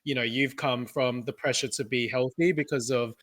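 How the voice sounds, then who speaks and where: A man's voice: mid-range voice, steady tone, normal speed, a bit bright. A young man co-hosting a casual podcast, telling personal stories in a chatty way and laughing often. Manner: chatty storyteller, laughs often, acts out relatives' voices. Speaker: podcast co-host. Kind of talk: casual chat.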